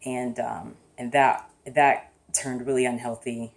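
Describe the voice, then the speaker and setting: Very low-voiced woman, reflective vlog. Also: level tone, takes it slowly, vocal fry. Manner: thoughtful, hesitant, soft-spoken. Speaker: vlogger. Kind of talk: casual reflective monologue.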